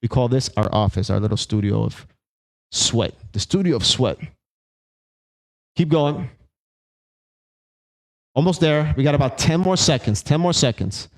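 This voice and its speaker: A man's voice: medium pitch, lively intonation, a little slow, pauses often, rough recording. A man coaching an ab workout, counting and cueing reps aloud in an encouraging way. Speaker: fitness instructor. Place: small home workout studio.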